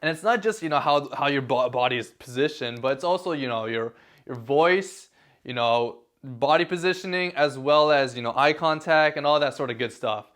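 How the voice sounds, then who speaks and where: A young man vlogging casually to camera, relaxed and full of fillers and repeated words. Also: medium pitch, moderate pace. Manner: laid-back, filler-heavy, repeats words.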